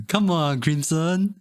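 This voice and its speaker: A man's voice: on the high side, a little mellow. A young man streaming live, chatting casually with lots of stammered restarts and laughter. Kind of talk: casual chat.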